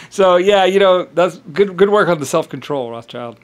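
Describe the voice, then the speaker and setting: A man talking in a rambling monologue, often laughing and mimicking others in quick quoted voices. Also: high voice, expressive.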